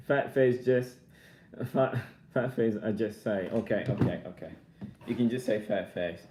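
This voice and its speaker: A man's voice: fairly low pitch, unhurried, mellow, echoey room. A young man chatting casually while unboxing a laptop, rambling and laughing as he answers viewer comments. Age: young adult. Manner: laughs often between remarks. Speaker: vlogger. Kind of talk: casual live-chat unboxing.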